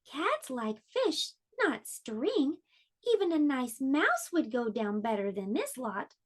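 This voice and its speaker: A picky storybook cat, put on by a woman reading aloud, meows and sniffs at his dinner in a high, drawn-out voice. He sounds disdainful. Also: huge pitch swings, heavily acted. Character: picky male house cat.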